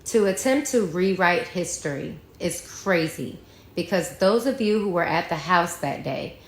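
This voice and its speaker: A woman's voice: fairly low pitch, lively intonation, unhurried. A woman telling her own story to viewers in a candid, frank way, sometimes swearing, with conversational fillers. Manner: frank and profane, talks straight to viewers.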